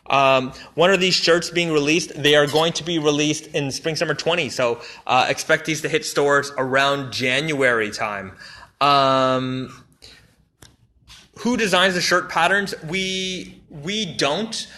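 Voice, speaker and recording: Man, enthusiastic brand rep, bright forward voice, chatty live-stream product walkthrough with lots of fillers. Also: on the high side, takes it slowly. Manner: enthusiastic, rambling, many fillers and restarts. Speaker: brand representative showing new products. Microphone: phone or camera mic on a live stream.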